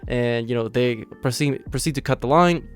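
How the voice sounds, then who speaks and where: Hoarse, raspy-voiced man reviewing manga. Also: medium pitch, moderate pace, soft background music. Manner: upbeat and chatty, full of "you know" fillers and laughs. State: hoarse from illness. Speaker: anime channel host. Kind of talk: casual manga chapter review.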